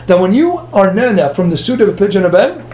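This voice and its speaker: Male rabbi, very high pitch, lively Torah lecture that reads Hebrew sources and translates them as it goes. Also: muffled recording, a little hiss or hum. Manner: lively storyteller, quick asides to the listeners. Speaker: rabbi teaching a class.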